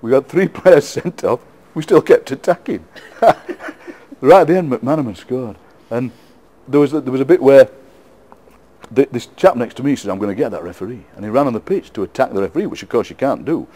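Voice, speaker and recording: A middle-aged man with a Yorkshire accent, a poet being interviewed, telling lively football anecdotes with frequent laughs and repeated words. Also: medium pitch, normal speed. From England. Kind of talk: casual storytelling interview.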